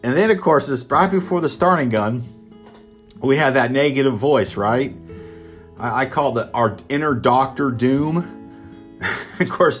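A man from Kansas telling a motivational personal story in an enthusiastic, conversational way, with lots of fillers. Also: mid-range voice. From Kansas, United States. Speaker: speaker sharing his story.

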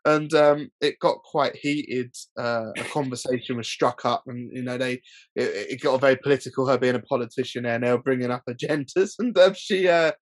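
A man's voice: medium pitch, normal speed, dry recording. A man telling stories in a casual chat, stop-start and laughing often. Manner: rambling, stop-start storytelling with frequent laughs. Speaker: guest filmmaker.

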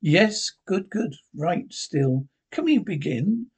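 A man with a husky voice reading the lines of a male scientist giving orders in an experiment. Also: sits high, expressive, slow pace, heavily acted. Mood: commanding. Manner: reads the character's name before each line.

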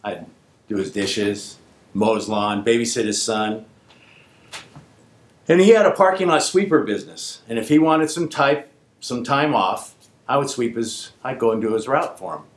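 Animated man telling a story, echoey room. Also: medium pitch, normal speed. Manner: animated, acts out quoted voices. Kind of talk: casual spoken anecdote.

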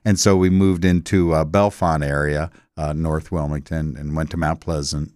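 Very deep-voiced older man telling stories. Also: little pitch movement, normal speed, a little mellow, dry recording, clean studio sound. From Delaware, USA. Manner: rambling storytelling with many fillers. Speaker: interview guest. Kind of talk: casual interview.

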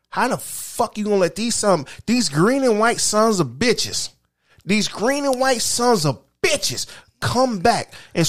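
A man with a high-pitched voice delivers a crude, heated rant in casual talk. He curses constantly and hammers his points home by repeating them. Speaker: podcast co-host. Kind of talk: profane casual sports rant.

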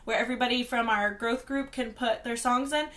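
High-voiced woman in lively casual chat. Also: fairly quick. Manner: lively and expressive, laughs often and acts out what people said.

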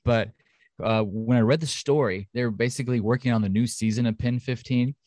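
A man's voice: medium pitch, steady tone, brisk, a little mellow, no room sound, studio quality. A man co-hosting a podcast in casual chat, talking in a chatty, enthusiastic way with lots of fillers. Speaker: podcast co-host. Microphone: home studio mic.

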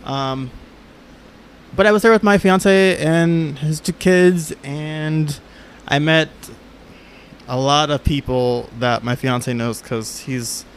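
A man chatting casually on a podcast, recounting a story with lots of fillers and easy laughter. His voice sits a little high. A faint noise hangs behind him. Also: slow pace, pauses often. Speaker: podcast co-host. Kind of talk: casual chat.

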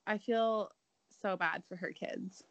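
A woman's voice: mid-range voice, fairly even intonation, slow, fairly bright tone, dry recording, lo-fi sound. A woman co-hosting a casual gossip chat, giving short blunt reactions and sarcastic jabs.

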